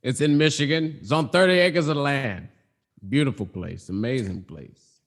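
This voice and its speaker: A man's voice: medium pitch, normal speed, close to an everyday voice. Pompous bragging sanitarium man, a podcast host putting him on, puffed-up and self-praising. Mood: boastful. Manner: boastful, pompous. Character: pompous self-proclaimed pure-hearted man boasting of his sanitarium.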